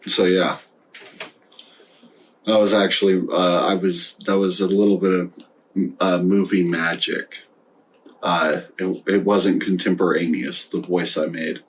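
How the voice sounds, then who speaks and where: A stoned man hosting a casual podcast chat, rambling and halting with many fillers. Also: deep voice, flat delivery, far from the mic, a little hiss or hum, rough recording. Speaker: podcast host.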